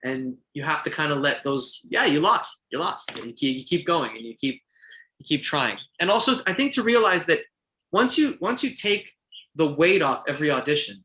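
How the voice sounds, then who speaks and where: A man from Quebec chats through an interview, giving earnest, encouraging advice. His voice sits a little high and sounds bright and forceful. He restarts his sentences often as he thinks aloud. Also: animated, moderate pace. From Quebec, Canada. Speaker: voice actor guest. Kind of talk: casual interview chat.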